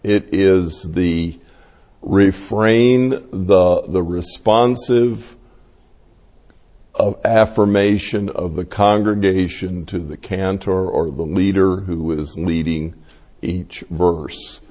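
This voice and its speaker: A male pastor gives a sermon at a deliberate, unhurried pace. He tells stories and acts out the voices of the people in them. His voice carries a long reverb from a large hall. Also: low voice, warm tone. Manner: slow, storytelling delivery acting out quoted voices.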